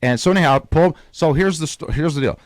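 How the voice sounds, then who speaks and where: Male radio host, lively storyteller, dry close mic. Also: on the high side, a little fast, no echo. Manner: animated storyteller, acts out quoted voices.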